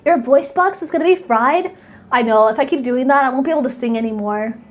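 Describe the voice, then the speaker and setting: A woman with a high, light voice chats playfully with her live audience. She rambles in a bubbly way, thanks viewers by name and hypes them up. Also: fairly quick, a little hiss or hum. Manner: bubbly, playful, reads and thanks chat, sometimes squeals. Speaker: streamer. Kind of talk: casual live-stream chat.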